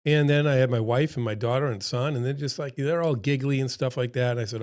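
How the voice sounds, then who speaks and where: A middle-aged man leads a seminar in a loose, conversational pep-talk manner, circling back to hammer his points home. His voice sits at an ordinary male pitch, with a slightly froggy throat running through it. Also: quick pace, darkish tone. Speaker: seminar presenter. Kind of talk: casual motivational seminar talk.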